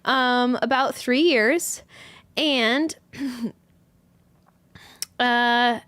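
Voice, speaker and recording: Woman, livestream host, high voice, unhurried, chatty, scattered, reading comments, dry sound. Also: a bit bright, clean tone, no echo. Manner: chatty, greeting viewers one by one, a little scattered. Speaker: host, yarn studio owner. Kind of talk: casual livestream chat, reading viewer comments.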